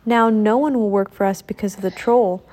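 A woman voicing a tired, gentle old male farmer in a storybook reading, weary in tone. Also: mid-range voice, steady tone, moderate pace, natural voice.

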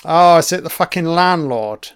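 A man's voice: a little high, animated, moderate pace, clean tone. A man giving a casual running commentary on a film. He swears constantly and makes wry, offhand remarks.

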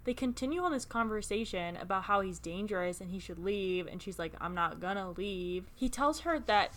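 A young woman co-hosting a podcast, retelling a book's chapters in casual chat with lots of "like" and quick laughs. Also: mid-range voice. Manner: giggly, animated retelling with filler "like". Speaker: podcast co-host. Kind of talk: casual book-club chat.

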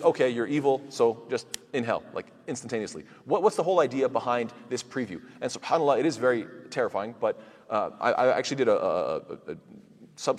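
A man giving a Quran commentary lecture at a quick clip, his voice a little husky. He fires off rhetorical questions and answers them himself, dropping into rapid Arabic recitation. The sound carries a long reverb, as if from an echoey room. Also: medium pitch. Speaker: Quran teacher.

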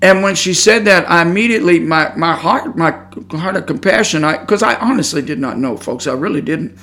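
A middle-aged man preaching, telling a personal story in a calm, earnest, conversational way with many fillers and restarts. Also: fairly high pitch, brisk. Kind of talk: sermon storytelling.

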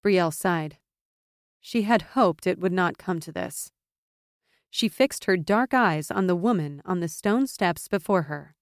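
A woman narrating a fantasy audiobook in a measured, steady way. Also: lowish voice, no room sound, studio quality.

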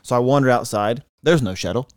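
A man talks quickly in a mid-range voice, rattling off a story with exasperated, swearing energy. The sound is dry and close, with no room around it. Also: mid-range voice, dry recording. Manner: rapid, profane, exasperated storytelling. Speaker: podcast co-host. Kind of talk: casual sports chat and storytelling.

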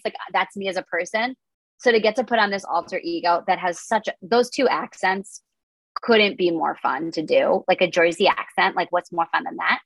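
Young woman, twenties, gravelly fry, lowish voice, chatty and upbeat, casual podcast talk, dry close sound. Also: brisk, fairly bright tone, dry recording, low-quality recording. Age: 20s. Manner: chatty, upbeat, lots of "like" fillers. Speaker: comedian and content creator, guest. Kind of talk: podcast interview, casual chat.

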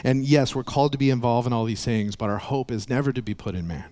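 Speaking fast with a warm, medium-pitched voice, a male pastor preaches a sermon built on earnest storytelling, acting out the voices of the characters.

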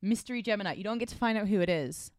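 A woman's voice: mid-range voice, rapid-fire, no room sound, studio quality. A woman, co-hosting a casual podcast chat and recapping scenes with a giggle. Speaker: podcast co-host.

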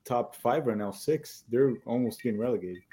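Mid-pitched man explaining tactics casually. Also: animated, moderate pace, dark tone. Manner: explanatory, fillers and repeated words. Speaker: podcast guest. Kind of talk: casual podcast chat.

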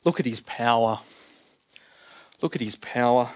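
A man's voice: mid-range voice, a little slow. A man preaching a sermon, explaining scripture in a conversational way and repeating key phrases for emphasis.

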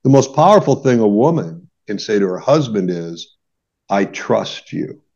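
A middle-aged man speaks as a marriage therapist on a podcast, earnest and explanatory, tagging his points with quick checks to the listener. His voice sits on the lower side. The recording is dull and lo-fi. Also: big pitch swings, darkish tone, slightly rough. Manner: earnest, explains with examples, many "right?" tags. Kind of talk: conversational podcast advice.

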